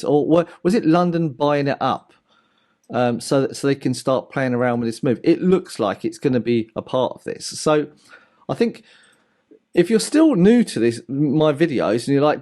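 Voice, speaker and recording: A man giving casual market commentary to his viewers, animated and direct, explaining ideas with everyday analogies. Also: a little high, normal speed.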